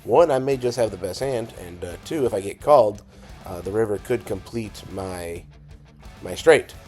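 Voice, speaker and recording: A hoarse man with a raspy, scratchy voice, narrating his poker hands in a casual, wry voice-over. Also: fairly low pitch, expressive, moderate pace, a little mellow, soft background music. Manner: casual, wry, self-deprecating. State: hoarse, dry scratchy throat. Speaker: poker vlogger.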